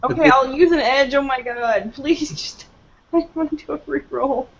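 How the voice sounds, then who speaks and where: A woman's voice: high-pitched, moderate pace. A woman playing a tabletop role-playing game, talking nervously, swearing and laughing between rolls, on a dull lo-fi recording. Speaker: player. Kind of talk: casual tabletop game play.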